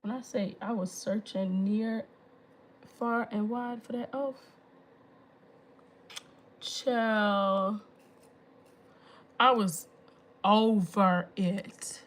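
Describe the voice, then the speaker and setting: A woman in her thirties hosting a phone livestream, telling a story to her viewers in an exasperated, animated way with emphatic asides. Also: mid-range voice, extremely slow, pauses often. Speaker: livestream host.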